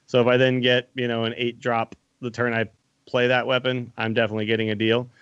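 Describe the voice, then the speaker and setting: A man's voice: medium pitch, little pitch movement, fast, a bit bright, clear, resonant tone, dry recording. Man musing on a podcast, dull dry sound. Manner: thinks aloud, with frequent restarts and hedges. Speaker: podcast co-host. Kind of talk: casual card game discussion.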